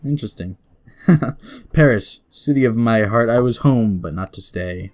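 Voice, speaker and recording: A man playing a story game, reading its text aloud and chuckling, then dropping quick casual asides. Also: medium pitch, expressive, a little mellow, soft background music. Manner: giggly, laughs often while reading; reads story passages slowly, then mutters quick asides. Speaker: let's play gamer.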